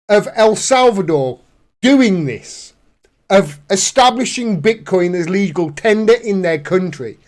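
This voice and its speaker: A man's voice: high-pitched, darkish tone. A man in casual commentary, reading out news articles and mocking them sarcastically, laughing as he goes. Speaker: political commentator.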